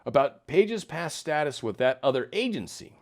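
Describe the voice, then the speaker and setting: A man's voice: on the high side, sing-song, normal speed. A man talking through political news in casual solo commentary, with wry asides, reading documents aloud as he goes.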